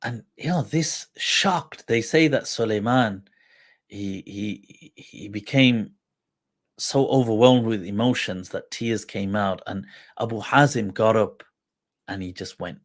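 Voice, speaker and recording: A man hosting a livestream who tells an old story with quoted dialogue, reciting Arabic quickly before translating it, mixing in Urdu phrases and laughing along the way. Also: on the low side. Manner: mixes Urdu phrases into English. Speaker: livestream host and mufti.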